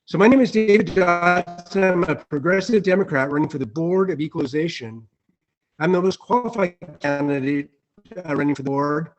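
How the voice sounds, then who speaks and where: A man's voice: a little high, normal speed, soft background music, low-quality recording. A man giving a hesitant campaign statement over a video call, with many uhs. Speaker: local candidate. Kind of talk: campaign statement at an online meeting.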